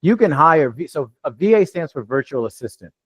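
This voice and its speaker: A man's voice: on the high side, sing-song, brisk, slightly rough, dry recording. A man from New York coaching a live online training, talking loosely with many restarts over a video call. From New York, USA. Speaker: real estate deal coach.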